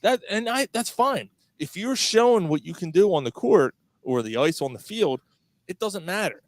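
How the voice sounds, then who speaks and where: A man's voice: sits high, moderate pace, dry recording. A man co-hosting a casual sports podcast, talking bluntly and with plenty of swearing. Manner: blunt, animated, swears freely. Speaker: podcast co-host.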